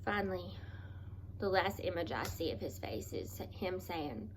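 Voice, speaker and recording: Woman vlogger doing a storytime, earnest and kinda halting, keeps restarting, bit of faint noise behind. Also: on the low side. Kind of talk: personal storytime vlog.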